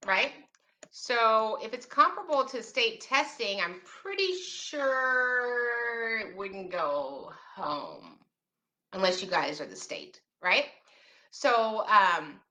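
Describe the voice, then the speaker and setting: A woman's voice: a little high, animated, moderate pace, sharp tone. A middle-aged woman hosting a show on parents' rights, talking casually with sarcastic, teasing asides. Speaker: special education advocate and host. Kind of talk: casual talk to camera.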